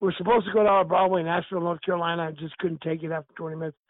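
A man's voice: a little high, very fast, dry recording, phone-quality sound. An older man, a retired pro wrestler, telling stories in a casual chat, laughing often and acting out what others said. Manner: animated, laughing often, acts out quoted lines. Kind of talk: casual storytelling.

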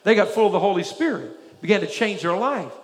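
A man pastor preaching a sermon with lots of energy, throwing questions out to the congregation and acting out quick little dialogues. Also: high voice. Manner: energetic preaching with frequent call-and-response questions. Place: church sanctuary. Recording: long hall reverb.

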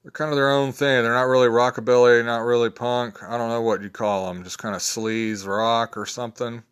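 A man's voice: flat delivery, fairly quick, clear, resonant tone. A man in his fifties talking casually and rambling through his favorite picks, with plenty of fillers and restarts. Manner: rambling, low-key, many fillers and restarts. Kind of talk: casual spoken list of favorites.

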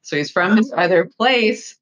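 A middle-aged woman co-hosting a podcast, chatting casually in an animated, exclamatory way. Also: medium pitch, normal speed. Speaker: podcast co-host. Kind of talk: casual chat. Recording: slightly dull, lo-fi recording.

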